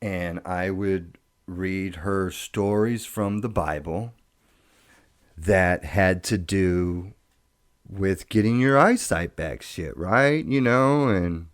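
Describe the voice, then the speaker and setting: Slow, low-voiced man swearing casually. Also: dry recording, studio quality. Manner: profane, rambling, halting with restarts. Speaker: guest telling his life story. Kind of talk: casual spoken storytelling.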